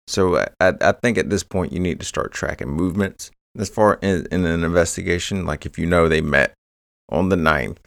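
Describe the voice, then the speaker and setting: A man's voice: rumbling low, creaky, fairly bright tone, no echo, studio quality. A man hosting a true crime podcast, rambling through the case with joking asides. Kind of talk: casual true crime narration.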